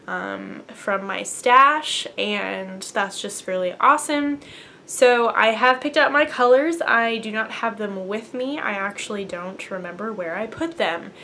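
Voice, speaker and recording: A young woman hosts a knitting podcast from her apartment, chatting to camera in a casual, bubbly way with lots of fillers. Her voice is medium-pitched with a sharp tone, and there's slight background noise.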